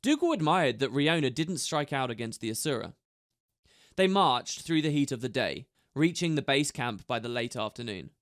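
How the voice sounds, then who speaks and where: A man narrating an audiobook in a steady storytelling manner. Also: mid-range voice, moderate pace, no echo, clean studio sound.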